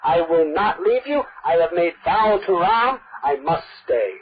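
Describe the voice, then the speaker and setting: A woman's voice: on the low side, lively intonation, unhurried, a crowd in the background, pitched below the performer's own voice. A woman voicing a loyal young prince who speaks with earnest, insistent devotion. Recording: dull lo-fi recording.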